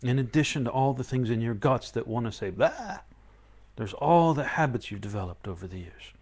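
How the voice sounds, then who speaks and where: A man giving a live-streamed spiritual talk, animated and playful, often acting out excited inner voices. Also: medium pitch, fairly quick. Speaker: spiritual teacher.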